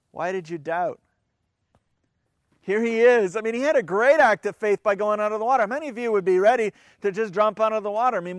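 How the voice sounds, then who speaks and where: A man's voice: high voice, dry recording, clean studio sound. A man, a pastor, preaching a conversational sermon and reading scripture aloud, often restarting his words and asking the congregation questions.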